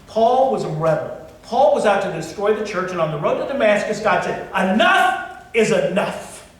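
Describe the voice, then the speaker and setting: A middle-aged man preaching a blunt sermon as pastor, going from loud, forceful passages down to soft, quiet ones. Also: sits high, animated, fairly quick. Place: church sanctuary. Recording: echoey hall from far off.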